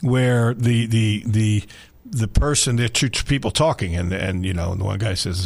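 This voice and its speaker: A man in his sixties, a sports talk radio host, telling a story with lively energy and frequent laughter in a studio. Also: on the low side, normal speed, vocal fry.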